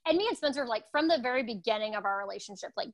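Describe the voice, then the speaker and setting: A woman's voice: on the high side, expressive, rapid-fire, dry recording, low-quality recording. A woman talking candidly and intensely in a casual conversation as co-host.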